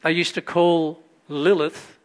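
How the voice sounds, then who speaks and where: A man preaching a sermon as pastor, storytelling with loud emphatic bursts and quiet asides. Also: a little high, flat delivery, takes it slowly.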